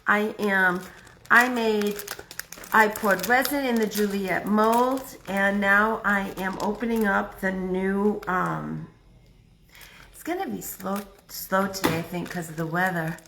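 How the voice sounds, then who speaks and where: A chatty woman talks through her crafting on a live stream, excitable and thinking out loud. She speaks slowly, at an unhurried pace, and her voice sits in a medium pitch. A steady noise runs under the recording. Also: vocal fry, reverberant. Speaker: craft livestream host. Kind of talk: casual live craft demo.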